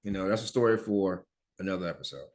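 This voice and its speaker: A man's voice: deep voice, animated, quick pace, a little mellow. A man from Philadelphia hosting a podcast and telling his own story in a blunt, chatty way, with profanity and the occasional stutter or mumbled word. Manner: stutters and mumbles now and then. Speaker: podcast host. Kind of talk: casual personal storytelling.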